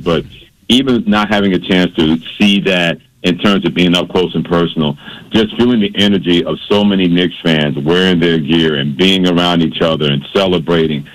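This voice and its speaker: Deep-voiced man on sports radio. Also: poor audio. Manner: playful, teasing, storytelling. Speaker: radio show host. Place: radio studio. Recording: radio broadcast.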